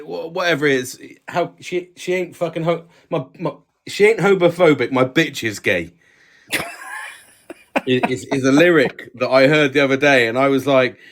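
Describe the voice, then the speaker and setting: A man's voice: fairly high pitch, a bit bright. A man in his forties, co-hosting a casual chat with sweary, laddish banter. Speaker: podcast co-host.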